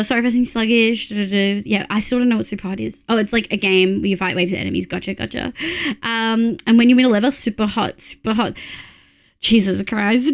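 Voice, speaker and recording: A young Australian woman chatting casually while live-streaming a game, excitable and swearing freely. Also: a little high.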